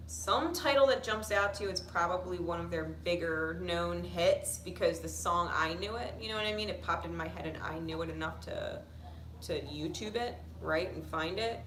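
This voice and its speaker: A woman giving a casual tarot reading, blunt and profane, swinging into animated outbursts. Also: fairly low pitch, normal speed, distant mic. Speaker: tarot reader. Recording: echoey room with noise.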